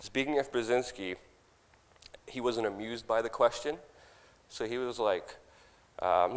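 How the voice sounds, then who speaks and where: A young man on stage, animatedly telling a story and loudly acting out his own past lines, with laughs in between. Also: mid-range voice, a little slow, long pauses, clean tone. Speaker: speaker at a conference. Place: large conference hall. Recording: long hall reverb.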